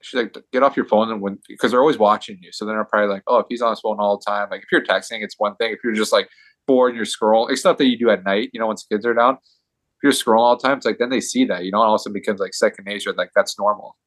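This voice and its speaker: A man around forty, a guest on a podcast, telling stories in a rapid, loose, casual way. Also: on the low side, steady tone, fairly bright tone, dry recording. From United States. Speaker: podcast guest, pro hockey player. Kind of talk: casual chat.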